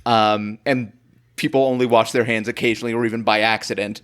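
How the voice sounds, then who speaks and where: A man's voice: lowish voice, little pitch movement, brisk, clean tone. A man hosting a comedy history podcast, rambling through a made-up story with lots of fillers and chuckles. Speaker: podcast host.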